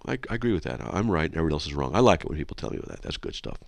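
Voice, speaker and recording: A man's voice: sing-song, racing, vocal fry, few pauses, dry recording, clean studio sound. A man hosting a radio show, reading listener mail aloud and answering it in a sarcastic, mocking way. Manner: sarcastic and mocking, with big swoops in pitch.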